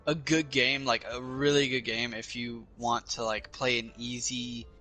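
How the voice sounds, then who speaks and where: Bright-voiced hesitant young man. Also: mid-range voice, little pitch movement, measured pace, faint music behind. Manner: hesitant, searching for words, many restarts. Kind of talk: casual chat.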